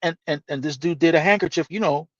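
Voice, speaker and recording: A man with a slightly high voice tells a rough story in loose podcast chat, swearing freely and acting out each character's lines. The sound is dry and a little dull, like a modest lo-fi setup. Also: fast talker, no echo. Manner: animated, profane storytelling with acted-out dialogue. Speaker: podcast host telling a story.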